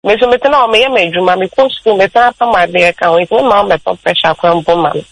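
A woman's voice: fairly low pitch, rapid-fire, slightly rough, no room sound, rough recording. A woman with a Ghanaian accent calling in to a radio show, telling her story mostly in Twi. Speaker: caller. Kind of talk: call-in radio conversation.

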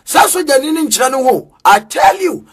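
A man with a Ghanaian accent preaching a sermon in a sing-song cadence with sudden shouts. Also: extremely high pitch, big pitch swings, moderate pace.

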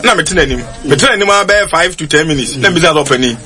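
A Ghanaian man on a radio panel, telling a story in an animated way and quoting others in different voices. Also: fairly high pitch, quick pace. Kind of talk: lively radio panel chat.

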